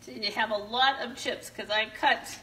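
In her home kitchen, a woman fries tortilla chips during a live giveaway stream, chatting bubbly with viewers and exclaiming with whoops. Her voice, on the high side, is bright and forceful with fairly even intonation, a little slow. Captured far from the mic and a bit off it, the audio has roomy echo and faint room noise.

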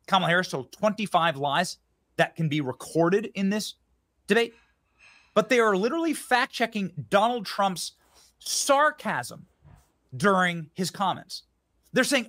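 Man, political commentary host, high voice, very animated pitch, indignant, insulting, stumbling restarts. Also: moderate pace. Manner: indignant, name-calling, many restarts.

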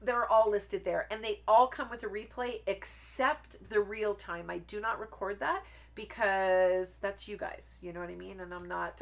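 A woman's voice: mid-range voice, normal speed, vocal fry. Chatty woman hosting a craft stream. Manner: chatty, rambling, laughs often, talks straight to viewers. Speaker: card making live stream host. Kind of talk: casual live stream chat while crafting.

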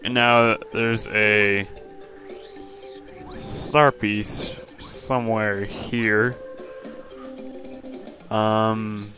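A man giving quiet, offhand, sarcastic commentary while playing a video game. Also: on the low side, flat delivery, very slow, pauses often, faint music behind. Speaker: let's play commentator.

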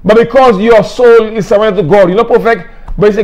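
Man, Saint Lucian accent, high voice, emphatic preaching, middle-aged. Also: fast talker, a little mellow. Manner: emphatic, repetitive, plain-spoken. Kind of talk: sermon.

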